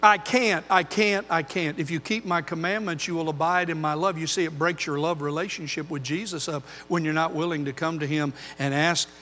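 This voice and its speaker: An older man preaching a sermon as pastor, earnest, moving between loud emphasis and quiet intensity. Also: a little high, fairly even intonation, brisk, few pauses, in a large hall, a little hiss or hum.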